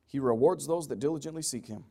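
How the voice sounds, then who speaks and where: A man preaching a sermon, emphatic, swinging from loud pleading passages to low quiet asides. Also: fast talker, creaky.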